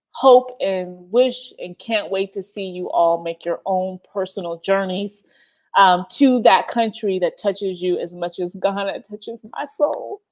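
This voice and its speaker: A woman from the United States, hosting a livestream in passionate, profane talk full of emphatic repetition, teary-eyed. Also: mid-range voice. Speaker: livestream host.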